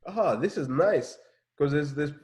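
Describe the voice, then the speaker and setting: A man's voice: fairly high pitch, expressive, a little slow, darkish tone. A man from Africa hosting a casual interview, thoughtful and restarting his phrases as he works through ideas.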